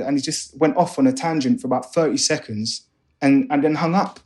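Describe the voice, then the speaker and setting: A man's voice: on the high side, brisk. Young man telling stories. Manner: animated, acts out other voices in his stories. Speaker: guest, music A&R manager. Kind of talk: casual storytelling interview.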